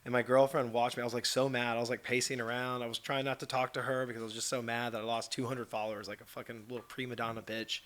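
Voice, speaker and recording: A man, a stand-up comedian, guesting on a podcast and telling stories in an animated, profane way. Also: medium pitch, fast, hardly any pauses. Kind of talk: casual chat.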